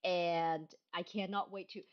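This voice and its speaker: A woman streamer chatting casually to her viewers, excitable, often gasping and squealing. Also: lowish voice, measured pace. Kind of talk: casual live-stream chat. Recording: dull lo-fi stream mic.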